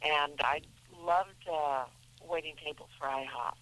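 A woman's voice: low voice, fairly even intonation, a little slow, a bit bright, a little hiss or hum, low-quality recording. A middle-aged woman, an actress guest in a radio interview, talking in a chatty, rambling way with many restarts.

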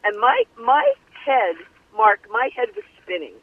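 An older woman telling her life story in an interview, animated and acting out the voices of the people she quotes. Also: a little high, measured pace, no echo. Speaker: guest singer. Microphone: telephone. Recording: tinny phone line.

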